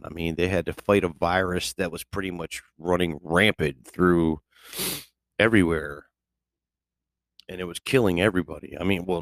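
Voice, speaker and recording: A man's voice: sits low, no room sound, studio quality. A man talking casually and profanely in a rambling monologue, laid-back and chuckling often.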